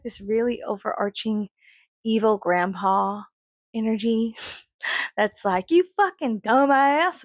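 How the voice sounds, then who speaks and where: A young woman from Texas, with a mild Texas accent, rambles through a casual vlog monologue. She swears freely and breaks into other people's voices with sudden pitch jumps. Her voice has a gravelly fry, and the recording is dry and close. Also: no echo. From Texas, USA. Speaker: vlogger.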